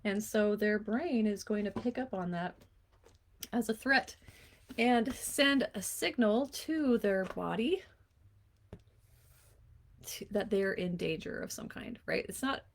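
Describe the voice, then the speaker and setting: A woman's voice: medium pitch, lively intonation, takes it slowly, pauses often. Chatty woman life coach in her forties. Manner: warm, chatty, laughs often, slips into playful voices. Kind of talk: casual solo talk to camera.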